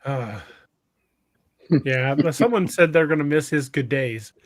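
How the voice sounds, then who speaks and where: A man's voice: medium pitch, unhurried, no room sound, clean studio sound. A man hosting a podcast, chatting casually and chuckling as he remembers a friend. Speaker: podcast host.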